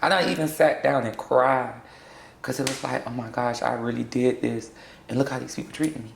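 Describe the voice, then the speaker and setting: A young trans woman from South Florida speaking in a candid sit-down interview, blunt and sassy and quick to laugh. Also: very deep voice, fairly even intonation, gravelly, echoey room, slight background noise. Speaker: interview guest.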